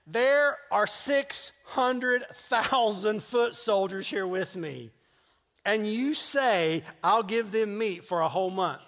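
A man's voice: high-pitched, animated, takes it slowly, fairly bright tone, pitched above the performer's own voice, exaggerated voice. A man voicing Moses as an overwhelmed, doubtful old prophet, incredulous in a sermon retelling. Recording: long reverb of a church hall.

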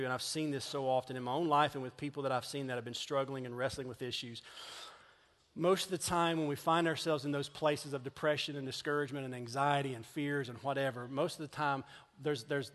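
A man preaching a sermon as pastor, earnest and conversational, dropping to a hush and then lifting into animated storytelling. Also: mid-range voice. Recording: long reverb of a church hall.

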